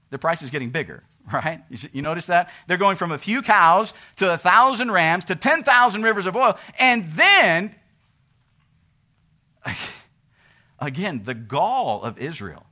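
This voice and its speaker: A man preaching a sermon, asking rhetorical questions and swinging between loud emphasis and quiet asides. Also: high voice, sing-song, normal speed. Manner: asks rhetorical questions and acts out what people say to God.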